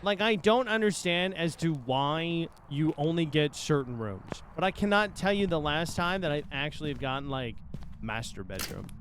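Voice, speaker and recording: A man's voice: a little high, animated, normal speed, a bit bright, slight background noise. A man commentating his own horror-game play, talking to the ghost and getting exasperated, swearing freely. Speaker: gaming streamer. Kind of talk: casual let's-play commentary.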